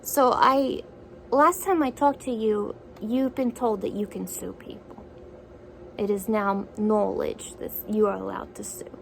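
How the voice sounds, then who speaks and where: Gravelly woman asking question after question. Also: medium pitch, steady tone, unhurried, slight background noise, rough recording. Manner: incredulous, questioning, repeats what she hears. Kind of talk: one-sided conversation, repeating back answers.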